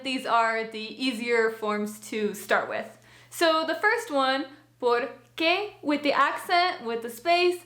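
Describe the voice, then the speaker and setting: A woman's voice: sits high, fairly bright tone, roomy sound. A woman giving a language lesson, explaining step by step in a patient, reassuring way. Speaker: language teacher.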